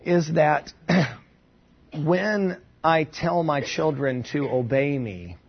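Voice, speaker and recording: Husky-voiced man teaching the Bible. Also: on the high side, drawn-out words, muffled recording. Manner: thoughtful, informal, with asides and restarts.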